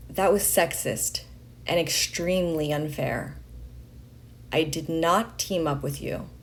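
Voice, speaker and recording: A woman reading a letter aloud in a slow, deliberate way, pausing between phrases. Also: low-pitched. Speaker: reader of a letter.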